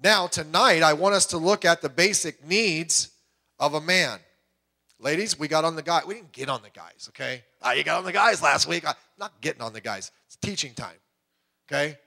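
A middle-aged male pastor delivering a sermon in a rather high voice. He talks in an animated way and slips into quoted voices with big leaps in pitch. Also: moderate pace.

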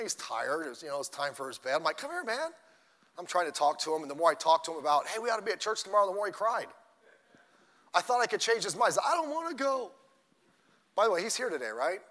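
An older man who is a grandfather, preaching a conversational sermon in church with asides and sudden loud bursts. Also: on the high side, animated, brisk, in a large hall. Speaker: pastor. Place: church sanctuary.

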